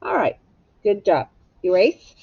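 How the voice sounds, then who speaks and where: A woman's voice: medium pitch, very animated, measured pace, gravelly, slightly rough, no echo, lo-fi sound. A woman teacher giving a phonics lesson to young children, patiently sounding out and spelling each word.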